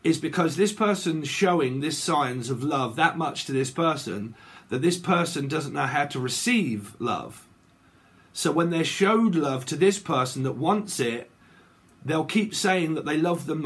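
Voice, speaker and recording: A man's voice: fairly high pitch, expressive, a little slow, fairly bright tone, breathy edge. A man giving a casual tarot reading to his viewers, rambling and checking in with "okay" and "right" again and again. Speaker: tarot reader.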